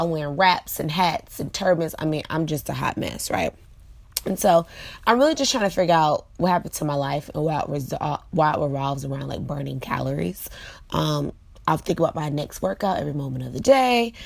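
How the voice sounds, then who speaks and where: Late-20s female vlog host, low and a bit gravelly, chatty and direct, dry close sound. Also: brisk, dry recording. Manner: chatty, frequent fillers, talks to viewers directly. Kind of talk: casual motivational vlog monologue.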